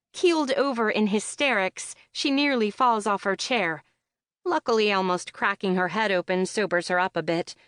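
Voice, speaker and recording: A woman's voice: medium pitch, a bit bright, clean tone, dry recording, clean studio sound. A woman narrating a rom-com audiobook in the first person, with a wry, comic delivery, recorded in a booth.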